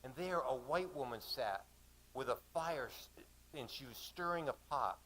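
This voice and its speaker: A man reciting a seafaring story aloud at a live cafe reading, his voice at a middling pitch. He lingers over the images in a measured, vivid recitation. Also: animated, a bit bright, rough recording. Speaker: poet. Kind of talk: spoken-word storytelling.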